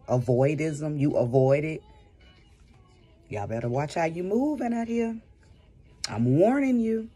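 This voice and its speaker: A woman's voice: a bass voice, warm tone, slightly rough. A woman who does spiritual readings, giving an emphatic advice monologue and repeating phrases for stress. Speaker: spiritual reader and vlogger.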